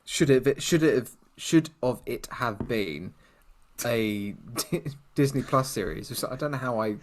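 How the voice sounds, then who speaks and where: A man's voice: medium pitch, unhurried, slight background noise. A man from the UK co-hosting a podcast in casual chat, rambling and self-mocking, often speaking to the listeners directly. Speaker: podcast co-host.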